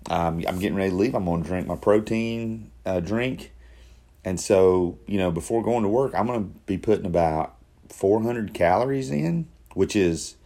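Low-voiced guy rambling through a casual video diary, lots of restarts. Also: a little mellow. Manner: rambling, self-correcting, with repeated starts. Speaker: daily video diarist. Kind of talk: casual self-reflective monologue.

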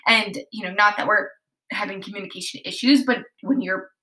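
Bright-voiced young woman, rambling chat. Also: mid-range voice, brisk, poor audio. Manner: rambling, heavy use of "like" and "um". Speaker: host recounting a tarot reading. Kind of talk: casual chat.

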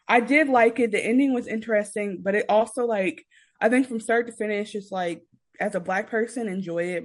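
A young woman from the United States co-hosting a casual podcast, talking candidly and swearing freely. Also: mid-range voice. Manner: candid, profane, animated when quoting others. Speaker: podcast co-host.

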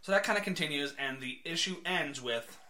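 A man's voice: fairly high pitch, a little fast. A man co-hosting a casual podcast, chatting about comics, laughing often and acting out lines. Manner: animated, laughs often, acts out quotes. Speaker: podcast co-host. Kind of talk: casual comic book chat.

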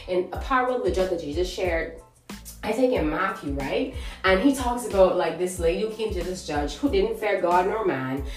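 A woman delivers a casual devotional talk with animated, emphatic energy. Her voice swings widely in pitch. It sounds roomy and a little distant, with soft music underneath. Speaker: devotional podcast host.

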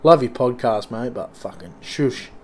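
Young Aussie guy, thick accent, mid pitch, rambling sweary vlog monologue. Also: measured pace. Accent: Australian. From Australia. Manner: sweary, rambling, blokey slang.

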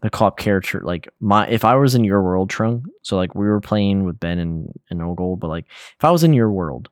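A young man co-hosting a casual gaming podcast, rambling in a relaxed way with lots of fillers and slang. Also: deep voice, normal speed, dry recording, studio quality. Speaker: podcast co-host.

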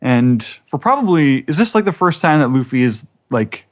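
Male podcast panelist, average pitch, chatty recap, dull lo-fi mic. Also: very animated, normal speed. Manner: narrates scenes, acting out quoted lines in a raised voice. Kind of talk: casual manga recap chat. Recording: dull lo-fi audio.

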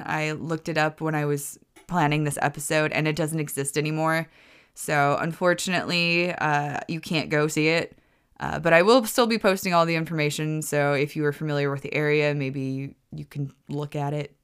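A woman's voice: deep voice, fairly bright tone, smooth. A woman hosting a podcast, telling a story in a casual, rambling and gushing way, full of fillers. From United States. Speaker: podcast host.

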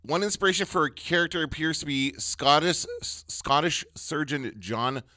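A man co-hosting a casual podcast chat, chatty and animated, laughing as he talks. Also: on the high side, normal speed, no echo, clean studio sound. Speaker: podcast co-host.

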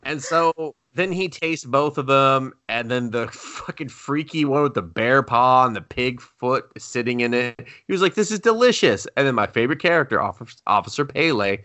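A man's voice: mid-range voice, moderate pace, few pauses, sharp tone, no room sound. A man co-hosting a podcast, recapping an anime episode in casual chat, swearing and acting out quotes in exaggerated voices. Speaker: podcast co-host.

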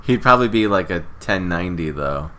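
Woman co-host, very deep voice, animated delivery. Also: a little fast. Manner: animated, laughs often. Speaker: podcast co-host. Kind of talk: casual movie chat.

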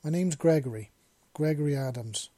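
A man voicing a desperate young runaway in his early twenties, talking fast and urgently. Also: fairly high pitch, dark tone, dry recording, natural voice. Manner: frantic, pleading.

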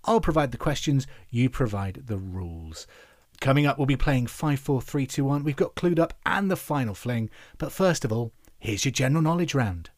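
A man from England hosting a trivia podcast, chatty and upbeat, reading out each question slowly and then again. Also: medium pitch, expressive, darkish tone. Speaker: quiz host.

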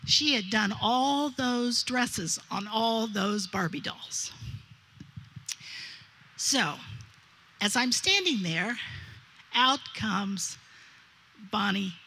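A woman tells a lively story about a wedding she officiated. Her voice is bright and ringing, set a little high. She slips in and out of the voices of the people in the story as she goes. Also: extremely slow, long pauses, slight background noise. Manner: lively, animated, quotes others in dialogue. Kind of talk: anecdotal storytelling.

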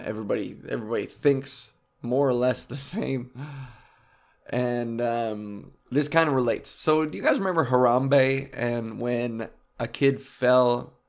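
A man's voice: medium pitch, creaky. A man talking in a casual comic monologue, rambling and profane, jumping from topic to topic. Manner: rambling, animated, profane, jumps between topics. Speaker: comedian podcast host.

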